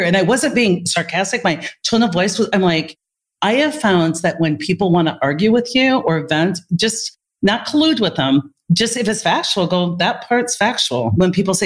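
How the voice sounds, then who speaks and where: A woman's voice: lowish voice, moderate pace. A woman being interviewed as a guest, a therapist who tells workplace stories and animatedly acts out the lines of the people in them. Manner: animated storyteller who acts out quoted dialogue. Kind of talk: storytelling in conversation.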